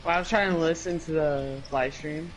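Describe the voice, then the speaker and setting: A young man chatting fast and complaining as a player over a voice call. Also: a little high, fairly even intonation, over music, poor audio. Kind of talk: casual game chat.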